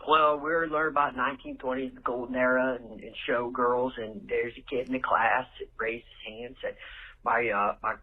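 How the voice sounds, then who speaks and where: A man's voice: medium pitch, fairly even intonation, moderate pace, slightly rough. A man leaving a profane, storytelling voicemail for a podcast, laughing at his own tale. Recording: tinny phone-line voicemail.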